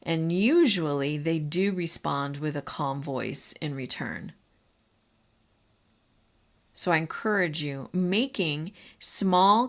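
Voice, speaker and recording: Middle-aged woman host with a slow, easy delivery, giving casual encouragement to teachers. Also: on the low side. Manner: conversational, with fillers and asides. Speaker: podcast host. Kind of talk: encouraging podcast talk to teachers.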